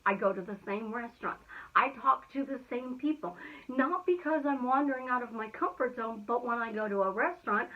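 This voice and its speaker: A woman giving an energetic, emphatic motivational talk in a chatty way. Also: high voice. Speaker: motivational speaker. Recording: tinny phone-like sound.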